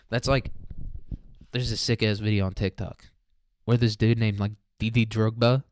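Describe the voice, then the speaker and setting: A man's voice: lowish voice, no echo, studio quality. A young man hosting a casual solo podcast, rambling, profane and jokey. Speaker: podcast host.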